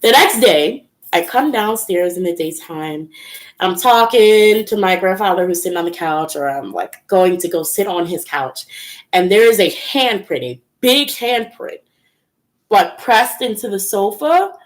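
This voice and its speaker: A woman's voice: medium pitch, lively intonation, a little slow. A young woman hosting a casual livestream, telling personal stories in a chatty way, full of "like" and "um", with laughs between lines. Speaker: tarot channel host. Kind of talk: casual storytelling livestream chat.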